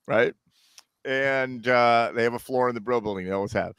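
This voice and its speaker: A man's voice: mid-range voice, moderate pace, clean tone, dry recording. A middle-aged man telling a long story in casual chat, acting out the voices of people in it. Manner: animated storyteller, acts out others' voices.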